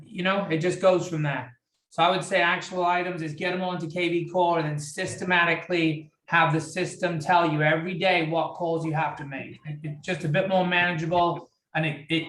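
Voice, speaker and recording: A man's voice: a little high, fairly even intonation, normal speed, a bit bright. British man in an echoey room. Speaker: real estate agent. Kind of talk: casual group video-call discussion.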